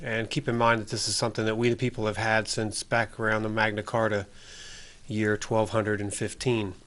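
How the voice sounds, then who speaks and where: A man hosting a local public-access cable talk show, speaking earnestly and haltingly with many fillers. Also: lowish voice, flat delivery, fairly bright tone. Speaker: host.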